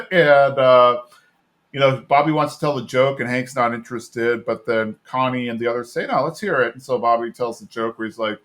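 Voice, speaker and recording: A man's voice: mid-range voice, little pitch movement, moderate pace, a bit bright. A man co-hosting a podcast, recapping a cartoon episode in a rambling, casual way and quoting characters in a raised voice. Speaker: podcast co-host.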